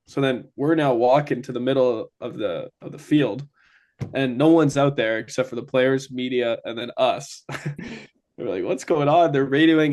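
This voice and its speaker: A young man from Ontario, Canada, a guest telling an animated story and acting out what people said. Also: medium pitch, moderate pace. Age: young adult. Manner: animated, acts out quoted lines. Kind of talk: casual storytelling.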